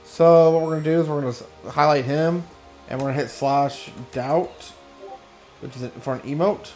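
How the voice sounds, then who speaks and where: A man's voice: on the high side, fairly even intonation, moderate pace, darkish tone, faint music behind. A man streaming a game, talking through gameplay in casual, mumbled asides into a desk microphone. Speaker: gaming streamer.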